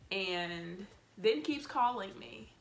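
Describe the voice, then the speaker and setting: A woman's voice: mid-range voice, slow, creaky, a little hiss or hum. A woman telling a storytime vlog in a blunt, exasperated way, cussing freely and acting out what she said back then. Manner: animated, acts out her own lines. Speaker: vlogger.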